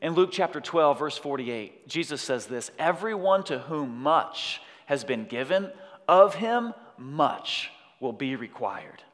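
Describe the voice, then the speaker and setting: A man preaching a sermon, telling a story and then rising to emphatic, shouted exhortation. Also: on the high side, big pitch swings, slow, long reverb tail. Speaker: pastor.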